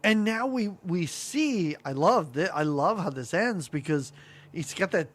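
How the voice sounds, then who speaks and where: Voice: mid-range voice, lively intonation, a little slow. A podcast co-host talking about a favorite film with open enthusiasm and frequent laughs. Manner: enthusiastic, gushing, laughs often. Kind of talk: casual movie-review chat.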